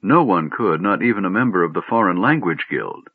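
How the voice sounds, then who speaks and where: A man voicing a fretful, excitable male gnome with an anxious, fussy way of talking. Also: low-pitched, fairly quick, slightly rough, dry recording, exaggerated voice. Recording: dry, tinny phone-like audio.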